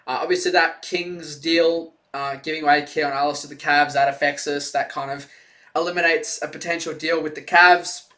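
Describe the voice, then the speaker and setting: A man's voice: fairly high pitch, steady tone, normal speed, sharp tone. A man giving casual, rambling live play-by-play commentary on a stream, chatty and full of fillers. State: out of breath.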